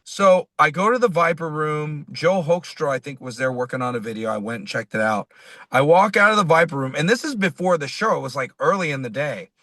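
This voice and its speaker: A man, a singer-songwriter, telling a personal story as a guest in an interview, lively and quoting others as he goes. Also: fairly high pitch, brisk, no echo. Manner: animated, quotes people in his stories.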